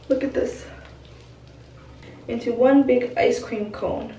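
Young woman vlogger, bright bouncy delivery, a bit high, set back from the mic in a roomy space. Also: steady tone, slow pace, pauses often, distant mic. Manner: bubbly, gushing exclamations. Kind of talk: casual vlog chat. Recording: roomy, off-mic, music behind.

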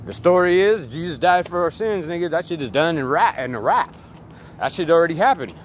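A man's voice: fairly high pitch, lively intonation, brisk. A man giving a rambling, profane, emphatic monologue outdoors near traffic. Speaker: vlogger. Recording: loud street and vehicle noise.

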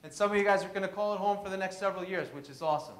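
A man in his thirties from Queens, giving an animated storytelling presentation. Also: high voice, racing. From Queens, New York. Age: 30s. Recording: echoey room.

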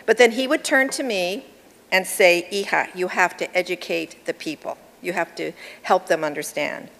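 A woman's voice: lowish voice, a bit bright. A middle-aged woman giving an award acceptance speech in a personal, chatty way, with laughs between her remarks. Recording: long hall reverb with crowd behind.

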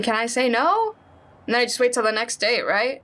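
A woman's voice: on the high side, lively intonation, fairly quick, fairly bright tone. A woman playing a horror game, reading the story aloud and reacting in a chatty, jumpy way. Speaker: let's play gamer. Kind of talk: let's play commentary, reading game text aloud.

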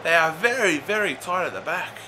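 Young man as gaming commentator: high, bright voice, excitable, bursts into shouts at near misses. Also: fairly quick, a little hiss or hum. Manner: chatty, addresses viewers as lads. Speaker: gaming YouTuber. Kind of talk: live video game commentary.

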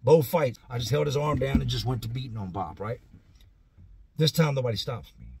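A man telling a profane, animated story about his own past in a casual, conversational way. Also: mid-range voice, a little fast, slight background noise. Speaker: vlogger telling prison stories.

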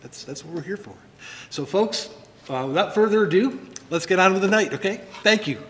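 A man giving a relaxed, easygoing welcome speech in a library. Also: brisk. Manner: relaxed, laid-back, easygoing, laughing. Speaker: opening speaker. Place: library room after hours. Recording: reverberant hall with faint rumble.

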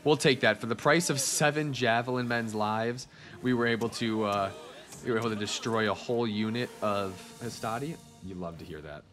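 A man's voice: medium pitch, moderate pace, fairly bright tone, soft background music. A man giving casual gameplay commentary as a video host, chatting straight to his viewers.

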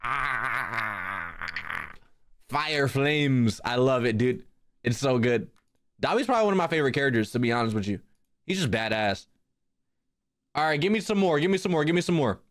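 A man's voice: mid-range voice, animated, moderate pace, pauses often, a bit bright, dry recording, studio quality. A young man hosting a casual drawing livestream, laughing, swearing and chatting with his viewers. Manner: laughing, swearing, talking to chat. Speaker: livestream host. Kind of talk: casual live-stream chat while drawing.

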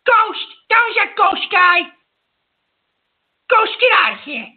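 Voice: very high-pitched, big pitch swings, slow, exaggerated voice. A performer voicing a hot-tempered uncle who hosts a call-in show and scolds and hangs up on callers. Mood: ranting. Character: excitable Italian-American uncle, a man. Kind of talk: prank call-in radio banter. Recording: tinny phone-line sound.

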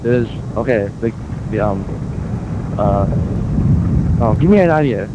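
A man's voice: lowish voice, animated, a little slow, dull audio. A young man recording a joking audition outdoors, rambling and self-mocking with many hesitant fillers. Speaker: audition hopeful. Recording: loud outdoor noise, wind.

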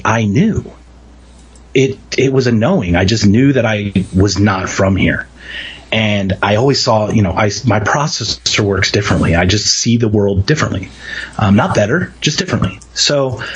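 A man from Philadelphia, an interview guest, telling a personal story in a lively way and acting out the quoted voices. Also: lowish voice, a little hiss or hum, rough recording. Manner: animated storyteller, acts out quotes.

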